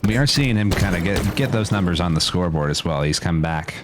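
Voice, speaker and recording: A man giving color commentary on a competitive shooter match, relaxed and agreeable with his co-caster. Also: low voice, brisk, background noise. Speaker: esports co-caster.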